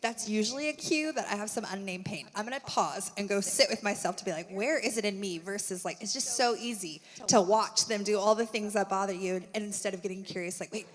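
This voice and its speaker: A woman speaking at a church conference in a lively, chatty way, peppering her talk with "like". She acts out quoted thoughts as she goes. Her voice rings out with a long auditorium reverb. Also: mid-range voice, fairly quick, hardly any pauses. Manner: animated, full of "like", acts out quotes. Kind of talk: conversational stage talk. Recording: long reverb of a large hall.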